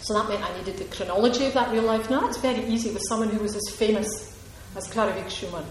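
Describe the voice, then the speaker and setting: Talkative woman novelist at a reading, digressive and emphatic, mid-pitched, very roomy hall sound. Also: fast talker. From Ayrshire, Scotland. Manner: chatty, digressive, laughs often, emphatic. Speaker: author at a reading. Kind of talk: audience Q&A answer. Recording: echoey hall with faint noise.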